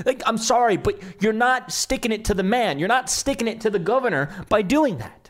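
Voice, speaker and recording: A man's voice: high-pitched, very animated, moderate pace, few pauses, a bit bright. A man giving reaction commentary, talking it through with frequent restarts.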